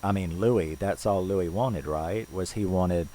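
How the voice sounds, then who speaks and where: Deep-voiced male film reviewer, chatty and rambling, faint hiss on the recording. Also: a little slow, dark tone, rough recording. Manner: loose and rambling, full of "you know"s and restarts. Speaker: movie reviewer.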